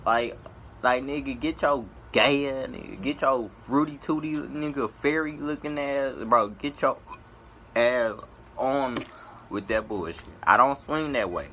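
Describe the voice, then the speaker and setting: A man with a bright, forceful voice rants to his viewers in an exasperated, profane vlog. His pitch climbs high and drops low again as he vents, and a faint hiss sits under it. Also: measured pace. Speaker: vlogger. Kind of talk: ranting to camera.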